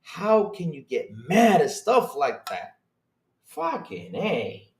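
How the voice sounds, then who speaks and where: A man hosting a casual opinionated livestream, excitable and animated, swearing freely and jumping up in pitch when worked up. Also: slow pace. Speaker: podcast host streaming to chat. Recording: echoey room.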